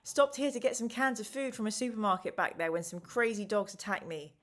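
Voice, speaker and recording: A stern, wary male survivor of the apocalypse, put on by a woman reading aloud, barking out short, clipped warnings. He sounds gruff and guarded, a hard man who trusts no one on the road. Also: mid-range voice, fairly quick, fairly bright tone, lightly acted. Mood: grim.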